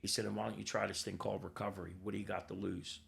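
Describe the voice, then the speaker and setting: A man's voice: lowish voice, level tone, very fast, a bit bright. An older man telling his own story as a podcast guest, blunt and raw, swearing freely and acting out the voices of people in his story. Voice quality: gravelly. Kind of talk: candid personal storytelling.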